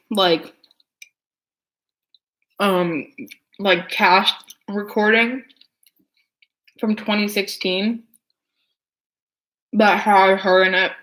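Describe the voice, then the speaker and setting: With a medium-pitched, fairly bright voice, a young adult woman vlogger eats and chats casually, rambling and dropping lots of filler words.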